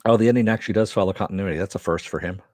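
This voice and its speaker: Deep-voiced man chatting casually. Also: racing, a little mellow, dry recording. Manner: chatty, answers viewer chat, swears. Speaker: host. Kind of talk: casual live-stream chat.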